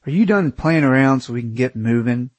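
Curt, worn-out young traveller, read by a man; husky voice, clipped and irritable. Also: medium pitch, lively intonation, a little fast, lightly acted. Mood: irritated. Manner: curt, snappish.

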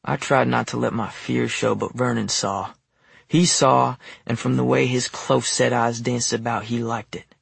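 A man narrating an audiobook in the first person, measured and wry. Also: mid-range voice, steady tone, creaky, fairly bright tone, husky, dry recording.

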